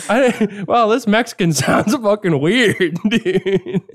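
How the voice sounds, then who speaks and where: A man's voice: high voice, very slow. A young man co-hosting a casual podcast, teasing the guest and laughing a lot. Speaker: podcast co-host. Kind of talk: casual chat.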